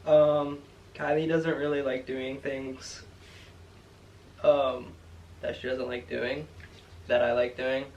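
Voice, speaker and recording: A man's voice: mid-range voice, little pitch movement, slow pace, long pauses, distant mic, lo-fi sound, slight background noise. A young man answering couples questions in a casual chat, hesitant and full of "um"s. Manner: hesitant, many "um"s, soft-spoken. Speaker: boyfriend, co-host.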